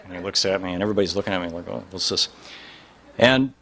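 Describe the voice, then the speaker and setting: A man telling a long anecdote in a rambling, animated way, with many restarts and fillers. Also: sits low, racing, slight background noise. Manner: rambling, animated, voice rises sharply in quoted lines. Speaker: speaker telling a story. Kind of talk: anecdotal storytelling talk.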